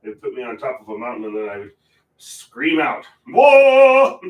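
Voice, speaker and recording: A man hosting a painting livestream, rambling in casual chat with sudden loud bursts. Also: fairly low pitch, fairly quick. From Portland, Oregon area. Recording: roomy, from a distance, faint ambience.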